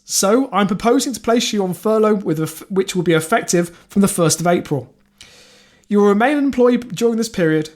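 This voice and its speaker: A man co-hosting a casual comedy podcast, reading news stories aloud with many fillers and restarts. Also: high-pitched. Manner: reads quotes aloud, halting with fillers and restarts.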